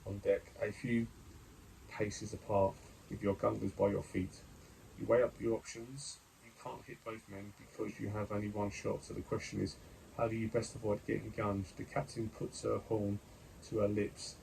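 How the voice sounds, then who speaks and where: Guy reading his gamebook out loud, low gravelly voice, stops to chat about his dice rolls. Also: flat delivery, normal speed, slight background noise, rough recording. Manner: reads narration, then comments on dice rolls and choices with fillers. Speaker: gamebook player and reader. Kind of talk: reading a gamebook aloud while playing.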